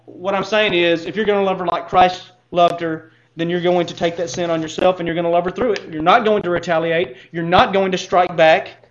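A man's voice: high-pitched, flat delivery, a little fast, hardly any pauses, highs cut off. A man preaching a sermon as pastor, speaking earnestly and putting direct questions to his listeners.

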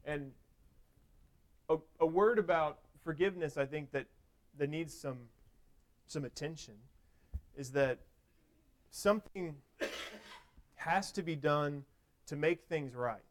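A man's voice: a little high, slow pace, long pauses. A man giving a sermon in a conversational way, with frequent restarts and everyday illustrations. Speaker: preacher.

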